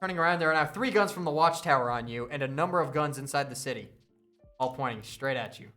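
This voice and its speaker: A man's voice: medium pitch, fast talker, pushed and bright, faint music behind. A man narrating as game master in a casual tabletop session, swearing and laughing often.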